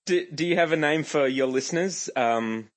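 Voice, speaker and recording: A man with an Australian accent, a guest expert on a podcast, talking sports in a relaxed, wry way. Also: on the high side, moderate pace. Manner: laid-back, wry humor. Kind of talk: casual sports chat.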